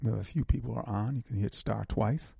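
An older man hosts a call-in radio show, his voice gravelly and husky. His tone is dark and mellow, and he builds his points through preacherly repetition. The sound is dry and close. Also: on the low side, brisk, no room sound. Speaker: radio talk show host.

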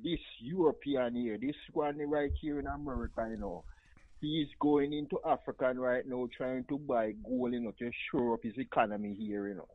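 A man's voice: medium pitch, fairly even intonation, moderate pace, dry recording. A Jamaican man calling in to a radio talk show, speaking in a passionate, rambling patois over a phone line. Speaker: caller.

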